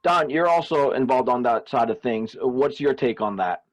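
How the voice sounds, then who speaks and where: A man's voice: medium pitch, expressive, normal speed, highs cut off. A man moderating a panel by video call, putting questions politely and with measure.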